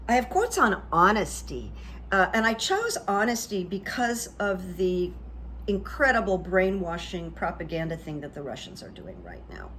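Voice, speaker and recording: A woman hosting her own channel, telling stories in a chatty, confiding way that trails off softly at the ends of phrases. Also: mid-range voice. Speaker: channel host. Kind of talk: casual storytelling monologue. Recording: faint background noise.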